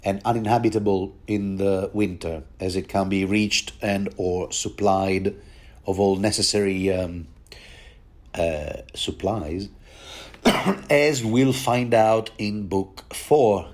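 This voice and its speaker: A man's voice: lowish voice, measured pace, a little mellow. A man giving a rambling, chatty commentary on a book, with many restarts and bits of laughter. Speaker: podcast host reading and commenting on a book.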